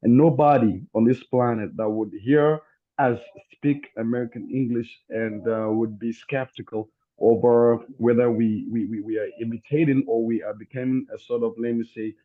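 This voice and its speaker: A man's voice: medium pitch, steady tone, moderate pace. A man in an online debate, talking insistently and repeating his questions. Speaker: debate guest. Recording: tinny phone-like line.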